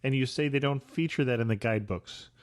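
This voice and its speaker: A man hosting a travel podcast, asking his guest calm, measured questions. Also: mid-range voice, no echo, clean studio sound. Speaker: podcast host. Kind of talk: interview questions.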